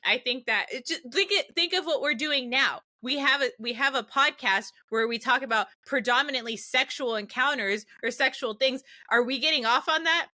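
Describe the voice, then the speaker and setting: A woman's voice: high voice, moderate pace, hardly any pauses, pushed and bright. A young adult woman co-hosting a podcast, chatting casually and enthusiastically and swearing freely. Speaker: podcast co-host. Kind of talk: casual chat.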